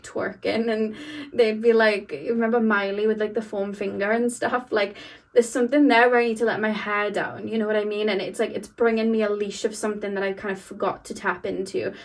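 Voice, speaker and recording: A woman giving a casual tarot reading, talking in a chatty way full of "like" and "you know what I mean". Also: medium pitch. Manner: chatty, filler-heavy, lots of "like". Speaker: tarot reader. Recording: voice a bit distant from the mic with faint background hum.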